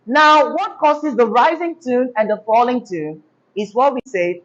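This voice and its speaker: A woman's voice: fairly high pitch, muffled recording. A woman teaching a diction class, asking questions and having pupils repeat after her. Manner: call-and-response prompting, deliberate.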